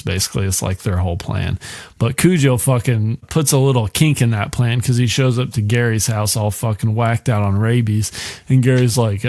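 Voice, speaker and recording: A man's voice: lowish voice, moderate pace, darkish tone, dry recording. A man hosting a podcast, casually recapping a book with a lot of swearing and jokes. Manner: profane, joking, rambling. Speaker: podcast host.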